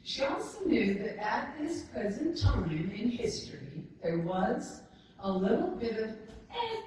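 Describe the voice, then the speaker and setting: A woman's voice: on the high side, big pitch swings, a little slow, recorded from a distance, background noise. Chatty woman in her 60s, echoey hall. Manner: chatty, laughing, self-mocking storyteller. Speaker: guest speaker at a ceremony. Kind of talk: anecdotal speech to an audience. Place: large event hall.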